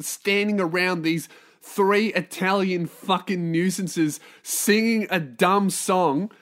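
A man's voice: sits high, fairly bright tone. Sweary man ranting. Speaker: podcast host. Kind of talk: solo podcast rant.

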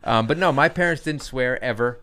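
A man's voice: mid-range voice, bright, forceful tone, no room sound. A man co-hosting a podcast, joking and swearing freely in casual banter with a young child at home. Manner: swears freely, teasing, quick interjections. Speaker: podcast co-host.

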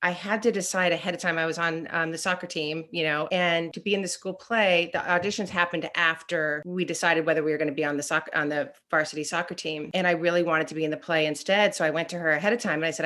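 A middle-aged woman with a voice on the low side tells stories from her acting life in relaxed, casual talk. She laughs easily and pokes fun at herself, jumping into brighter voices when she quotes what she once thought. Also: a little fast, few pauses. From Southern California. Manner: chatty and self-deprecating, laughs often, quotes herself in lively voices. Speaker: actor, podcast guest. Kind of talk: casual interview chat.

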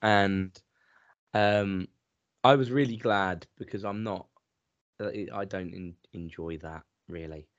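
A man's voice: fairly even intonation, takes it slowly. A man, co-hosting a podcast and telling sweary stories in casual chat. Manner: sweary storyteller, mimics others in high voices. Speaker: podcast co-host. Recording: dry muffled podcast mic.

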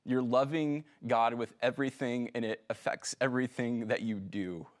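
A middle-aged man preaching a sermon in a relaxed, conversational way, with frequent fillers and restarts. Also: mid-range voice, normal speed. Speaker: pastor.

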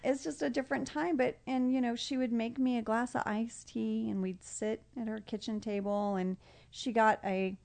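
Gravelly-voiced woman, tender and reflective. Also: a little high, steady tone, normal speed, a little mellow. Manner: reflective, tender, often emotional, laughs easily. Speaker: podcast guest. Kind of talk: casual heartfelt conversation.

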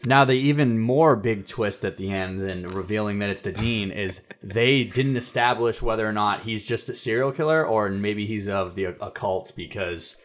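A man's voice: on the low side, normal speed, hardly any pauses. A man co-hosting a casual movie podcast, retelling scenes and acting out the lines. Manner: storytelling, acts out quotes, laughs along. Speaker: podcast co-host. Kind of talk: casual movie review chat.

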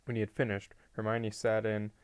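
A man with a fairly low voice reads a novel aloud, keeping the storytelling plain and even. He stumbles over a word now and then. The recording is close-miked and dry. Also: brisk, dry recording. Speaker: audiobook reader.

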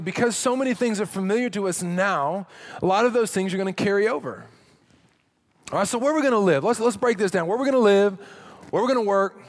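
A middle-aged man preaching a sermon as pastor, humorous and conversational, with dramatic drops to a hush. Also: high-pitched.

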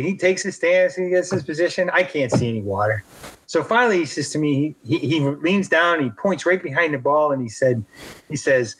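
A middle-aged man with a somewhat high-pitched voice recounts a story from his work as a golf rules official. He talks in a chatty, self-deprecating way, with plenty of fillers and restarts. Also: animated, normal speed, husky, rough recording. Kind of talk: storytelling in an interview.

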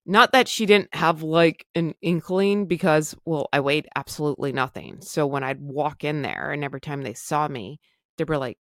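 A Canadian woman who hosts a podcast tells a personal recovery story in a frank, chatty monologue, poking fun at herself along the way. Her voice is low, and the recording is close and dry with no room sound.

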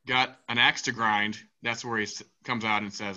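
A man hosting a casual sports podcast, energetic and swearing freely as he moderates the panel. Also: on the low side, normal speed, muffled recording. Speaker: podcast host.

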